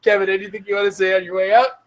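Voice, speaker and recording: A man's voice: high-pitched, level tone, rapid-fire. A man hosting a live-streamed gaming round table, joking and laughing as he wraps up the chat. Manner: jokey, laughs often between remarks.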